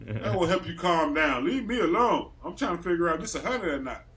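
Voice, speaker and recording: A man's voice: fairly high pitch, expressive, fairly quick, fairly bright tone. A man from Racine, Wisconsin, a podcast host telling a story in loose casual chat, acting out the quotes and swearing freely.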